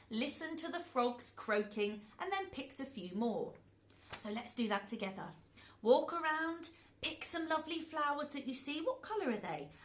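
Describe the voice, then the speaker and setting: A storyteller and workshop leader runs an interactive storytelling session for children, animated and encouraging, often turning to address them directly. Her fairly high voice swings widely in pitch, and the recording is rough.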